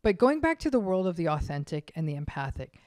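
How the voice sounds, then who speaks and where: A woman's voice: fairly low pitch, sing-song, quick pace, a little mellow, dry recording, clean studio sound. A woman psychologist, a guest on a podcast interview, who speaks emphatically and acts out the people she quotes.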